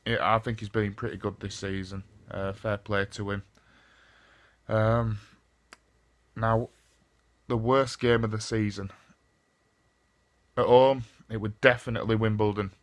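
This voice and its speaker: A Northern English man with a fairly low voice rambles through a casual football season review for his vlog. He is blunt and sweary, circles back to the same stock phrases, and never sounds polished. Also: flat delivery, a little slow, long pauses. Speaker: football fan vlogger.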